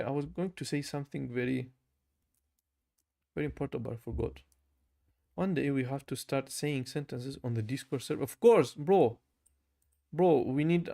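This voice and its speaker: A man's voice: fairly high pitch, creaky, a little mellow. A young man with a German accent, chatting casually on a livestream, reading comments, saying bro a lot, laughing often and repeating practice phrases aloud. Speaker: language learner livestreaming. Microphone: camera mic.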